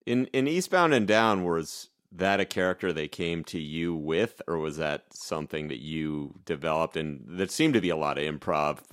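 A man's voice: very deep voice, normal speed, hardly any pauses, fairly bright tone, clean tone, no echo, studio quality. A man co-hosting a podcast, asking rambling, self-deprecating questions in casual chat. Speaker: podcast co-host.

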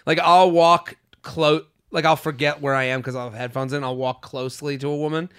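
A man's voice: on the high side, brisk, clean tone. A man hosting a casual comedy podcast, telling stories with lots of energy and acting out the voices and screams. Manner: animated storyteller, acts out screams and voices. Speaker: podcast host.

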